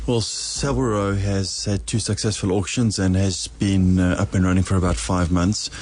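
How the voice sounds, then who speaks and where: Deep, flat-voiced businessman. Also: moderate pace, slight background noise. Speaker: auction house guest. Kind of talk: radio interview answers.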